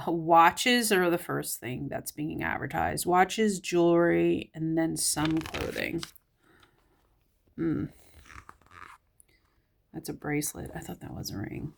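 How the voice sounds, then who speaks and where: A woman's voice: deep voice, fairly even intonation, measured pace, creaky, slight background noise. A woman with a Southern US accent, casually flipping through a magazine and giving a musing commentary as she thinks aloud. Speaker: magazine reviewer.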